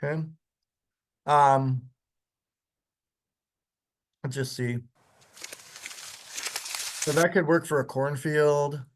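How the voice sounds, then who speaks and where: A man's voice: fairly high pitch, steady tone, very slow, pauses often. Chatty male workshop instructor. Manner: casual, chatty, with short chuckles and frequent ums. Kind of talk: live software demonstration lecture.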